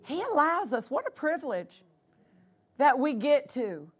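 A woman's voice: high voice, big pitch swings, a little slow. A woman pastor preaching a sermon in a church, punctuating her points with exclamations of praise. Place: church sanctuary.

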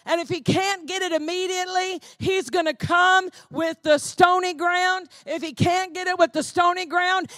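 A woman pastor delivering a sermon with a high voice and dry, close sound. She preaches with fervor, hammering phrases again and again and climbing into shouts. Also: no echo. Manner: fervent preaching that builds to shouting; repetitive, emphatic phrasing.

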